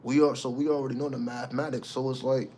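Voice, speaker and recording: A man's voice: medium pitch, flat delivery, fast talker, mellow. A man hosting his own channel, talking casually in an emphatic, preachy way and swearing freely. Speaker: channel host. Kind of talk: casual spiritual monologue.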